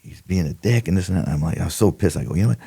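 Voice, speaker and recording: A man's voice: deep voice, racing, vocal fry, mellow, slightly rough. An older man, a retired detective, telling stories in a casual interview, acting out quotes and laughing often. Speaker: retired homicide detective, podcast guest.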